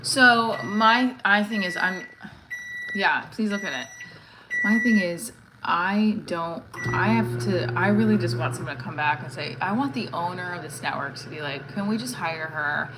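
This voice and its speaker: A woman's voice: on the low side, normal speed, noisy background. A middle-aged woman, a comedian, chatting casually on a livestream, rambling and reading viewer comments aloud.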